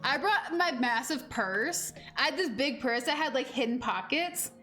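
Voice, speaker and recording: A woman in her twenties chats casually while she plays, rambling through stories with plenty of fillers and casual swearing. Her voice sits high. Faint game music runs under her talk. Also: measured pace. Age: 20s. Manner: rambling and animated, heavy on fillers, swears freely. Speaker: game streamer. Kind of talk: casual gameplay chat.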